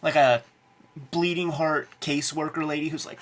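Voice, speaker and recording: A man's voice: a little high, steady tone, normal speed, bright, forceful tone, slight background noise. A man co-hosting a casual chat about comics as a cartoonist, talking profanely and acting out tough-guy lines from movies. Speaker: cartoonist co-host.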